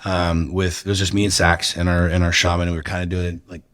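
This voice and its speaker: A man's voice: low-pitched, little pitch movement, quick pace, a bit bright, no room sound, clean studio sound. A man guest on a podcast telling personal stories bluntly, with lots of swearing and repeated words. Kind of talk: candid personal storytelling.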